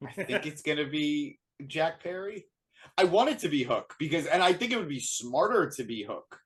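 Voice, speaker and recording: Podcast co-host, fairly high-voiced man, relaxed and teasing. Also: moderate pace. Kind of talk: casual podcast chat.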